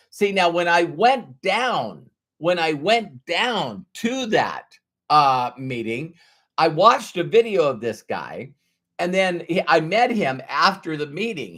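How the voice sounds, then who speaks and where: A man giving a motivational business training talk, telling stories and asking rhetorical questions with slow, stressed words. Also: a little high, very animated, a bit bright.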